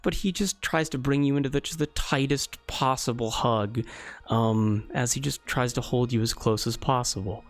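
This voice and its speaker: A man's voice: mid-range voice, normal speed. A man narrating as game master in a tabletop game, casual and loose, with many fillers.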